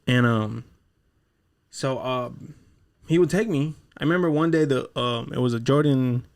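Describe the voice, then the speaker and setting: A young man co-hosting a casual podcast, his voice sitting at an ordinary middle pitch. He tells childhood stories in a relaxed, rambling way, swearing freely and acting out the quotes. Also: unhurried, gravelly. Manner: laid-back, swears freely, acts out quotes. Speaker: podcast co-host. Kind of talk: casual chat, storytelling.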